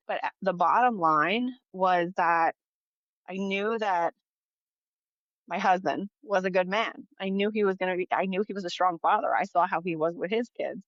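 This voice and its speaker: A woman's voice: medium pitch, normal speed, a bit bright, no room sound, lo-fi sound. A woman in her thirties, a podcast host, talking in a casual, earnest monologue, full of "like" fillers. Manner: earnest, chatty, many "like" fillers.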